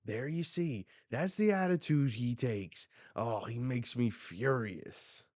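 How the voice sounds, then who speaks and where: A man's voice: medium pitch, takes it slowly, darkish tone, no room sound, voice pushed up. A man doing an exasperated, fed-up captain.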